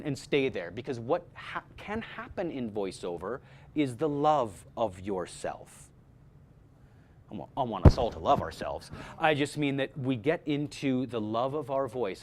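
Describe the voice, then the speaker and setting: A medium-pitched man talks informally to a workshop audience about voice-over casting. He's animated, often restarting sentences and repeating words.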